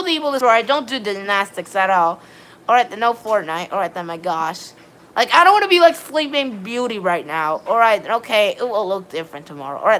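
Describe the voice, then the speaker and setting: Chatting casually while she plays a game on stream, this woman rambles, greets viewers by name, and repeats "all right, then" and "of course." Her pitch is fairly high, and her tone is bright and forceful.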